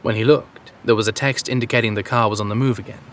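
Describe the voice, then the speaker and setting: A man reading a story aloud in a steady, measured narration. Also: fairly low pitch, a little hiss or hum. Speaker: audiobook narrator. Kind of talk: scripted narration.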